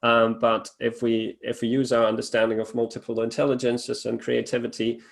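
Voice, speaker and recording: A man's voice: mid-range voice, monotone, normal speed, creaky. A man hosting a webinar, talking casually with many fillers and restarts. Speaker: webinar host.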